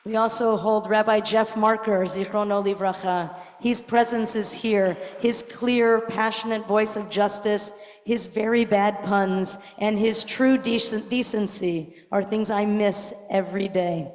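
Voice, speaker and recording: A woman's voice: medium pitch, steady tone, a little slow, a little mellow. Middle-aged woman rabbi giving a gala tribute. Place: large banquet hall. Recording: echoey hall with crowd murmur. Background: faint crowd noise.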